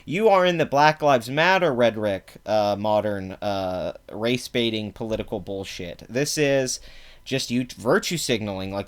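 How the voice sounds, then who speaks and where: A man's voice: medium pitch, sing-song. A young man hosting a reaction video, ranting angrily and profanely about a clip, with frequent fillers. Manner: angry, profane, fast-talking rant with frequent fillers. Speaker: political commentary video host. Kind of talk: reaction rant.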